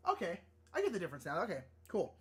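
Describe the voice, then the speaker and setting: A man hosting a live drawing stream, chatting casually and rambling, easily excited and flustered. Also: high voice, fast talker, breathy edge. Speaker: livestream artist host. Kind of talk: casual livestream chat while drawing.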